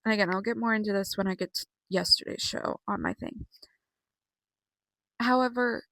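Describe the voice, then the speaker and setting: A woman's voice: mid-range voice, normal speed, creaky, a bit bright, dry recording, low-quality recording. A young woman chatting casually from her bedroom, rambling with many fillers as she recaps wrestling shows. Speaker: wrestling vlogger. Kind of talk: casual chat.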